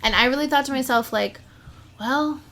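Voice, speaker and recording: Animated and brisk, a young podcast co-host with a voice on the high side recounts a story in relaxed conversation, dropping "like" into nearly every phrase.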